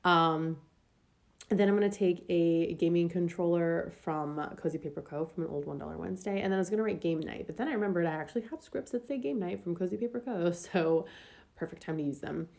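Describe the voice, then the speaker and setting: A woman's voice: on the low side, brisk, vocal fry, a little mellow. A young woman talking through her planner decorating in a casual, rambling voice-over, full of ums and likes. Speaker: planner vlogger.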